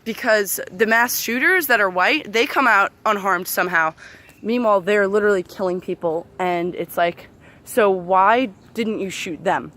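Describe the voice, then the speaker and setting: A woman's voice: mid-range voice, moderate pace, sharp tone. Angry young woman venting to camera. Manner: heated, profane, sarcastic, with frequent fillers and laughs. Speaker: vlogger. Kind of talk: angry unscripted rant to camera.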